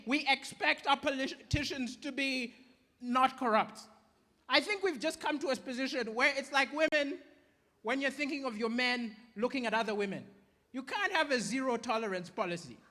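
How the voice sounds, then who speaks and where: High, bright-voiced man. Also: big-room sound. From Malawi. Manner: animated storytelling with punchy delivery. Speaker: stand-up comedian. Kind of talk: stand-up comedy.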